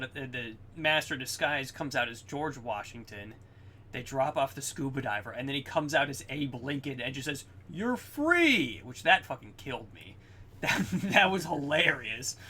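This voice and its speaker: A young man co-hosting a podcast in casual chat, excitedly recapping scenes, swearing often and acting out quotes. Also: medium pitch, normal speed, a little hiss or hum. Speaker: podcast co-host.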